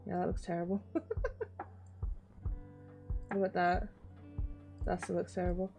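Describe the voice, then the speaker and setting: A young woman from Northern Ireland with a Northern Irish accent, chatting casually and excitably on a live stream and swearing often. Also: fairly low pitch, a little slow, gravelly. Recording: dull lo-fi stream audio with soft music. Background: soft music.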